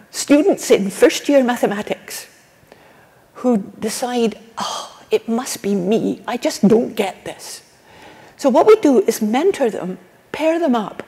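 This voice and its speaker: Older Scottish woman giving a keynote. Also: fairly high pitch. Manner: warm, earnest, with restarts and asides. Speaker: keynote speaker. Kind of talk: conference keynote lecture. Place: conference hall. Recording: long reverb of a conference hall.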